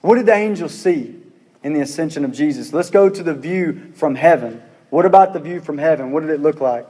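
Male pastor, high-pitched, earnest sermon delivery with repeated rhetorical questions; long hall reverb. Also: lively intonation, fairly quick, mellow, husky.

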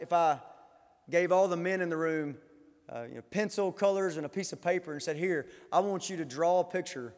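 A pastor with a fairly high-pitched voice preaches with passion. He swings between ringing declarations and hushed asides, often repeating his words. His voice rings out with the long echo of a big church hall. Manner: impassioned preaching, rising and falling sharply, repeats words. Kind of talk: sermon. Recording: reverberant hall.

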